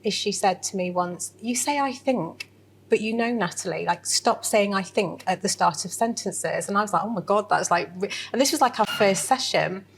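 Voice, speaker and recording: A woman's voice: medium pitch, moderate pace, few pauses, a little hiss or hum. A woman giving a candid interview, talking animatedly with lots of fillers and restarts. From England. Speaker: interview guest. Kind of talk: casual interview.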